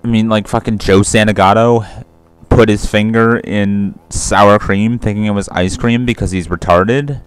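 A man's voice: fairly low pitch, fairly even intonation, unhurried, smooth. Rambling, profane young gaming commentator man. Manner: rambling, profane, self-correcting. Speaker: let's play commentator. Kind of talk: casual rambling gameplay commentary.

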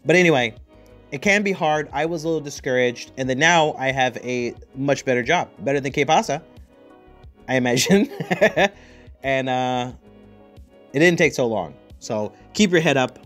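A man's voice: mid-range voice, normal speed, fairly bright tone, faint music behind. A man hosting a podcast, chatting casually with a profane, rambling, joking manner. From United States. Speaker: podcast host. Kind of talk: casual chat.

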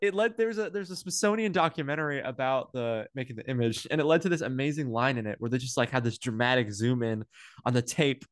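A man, an astronomy researcher, chatting casually as an animated, playful storyteller. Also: mid-range voice, fast talker, dry recording, clean studio sound. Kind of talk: casual conversation.

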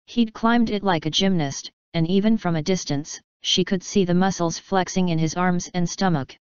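Audiobook narrator, woman, lower voice, clear and measured. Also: no room sound. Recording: dry, slightly dull studio recording.

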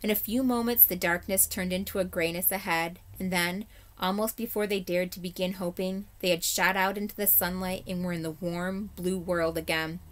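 A woman's voice: lowish voice, moderate pace. A woman teacher reading a chapter book aloud to her class, telling it expressively with the odd slip. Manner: expressive storytelling, occasional slips. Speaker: third grade teacher.

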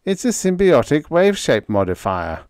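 A man's voice: on the high side, sing-song, normal speed, a little mellow, clear, resonant tone, no echo, studio quality, pitched above the performer's own voice. A man voicing a fussy, nervous male scientist doctor who speaks in an earnest, formal way. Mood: solemn.

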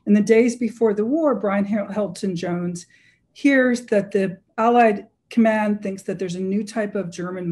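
A woman's voice: mid-range voice, warm tone. A woman author being interviewed, recounting anecdotes with energy and frequent self-corrections. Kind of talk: lively anecdotal storytelling.

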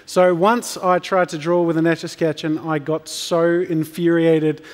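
A man's voice: on the high side, flat delivery, unhurried. A man who makes art, speaking as a panel guest in a chatty, joking way. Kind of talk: casual stage chat. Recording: reverberant conference hall.

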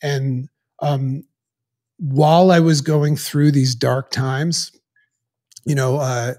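A middle-aged man, a podcast guest, telling a personal story in an earnest, halting way with many restarts. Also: mid-range voice, steady tone, a little mellow.

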